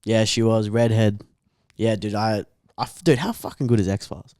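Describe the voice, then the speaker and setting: A man's voice: fairly low pitch, moderate pace, darkish tone, dry recording, studio quality. A young Australian man co-hosting a podcast, chatting casually with crude, swearing, laughing banter. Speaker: podcast co-host. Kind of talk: casual chat.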